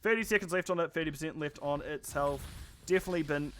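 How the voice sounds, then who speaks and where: A man calls a live esports match in a fairly high voice, narrating the action in a tired, rambling way and breaking off for self-aware asides. A faint hiss sits under the recording. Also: fast, a bit bright. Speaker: esports caster.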